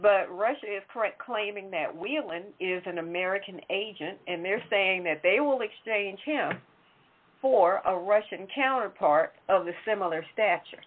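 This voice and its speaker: Over a tinny, phone-like line with a little hiss or hum, a woman hosting a talk show speaks at normal speed and medium pitch. Her political chat is casual and conversational, with frequent self-corrections.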